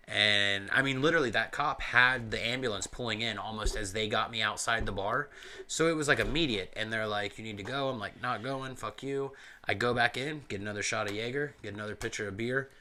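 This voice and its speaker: A man co-hosting a podcast and telling a rowdy bar story in a bright, forceful voice. He swears freely and gets loud and animated when he acts out his own lines. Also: fairly low pitch. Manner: loud, profane, animated when quoting himself. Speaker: podcast co-host.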